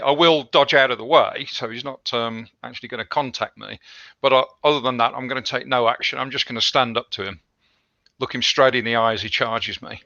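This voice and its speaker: Man, tabletop player, captain in character, bright tense tone, lo-fi dry recording. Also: medium pitch, no echo. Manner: speaks in character with hesitant fillers. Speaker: player voicing the ship's captain. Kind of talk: casual tabletop role-play.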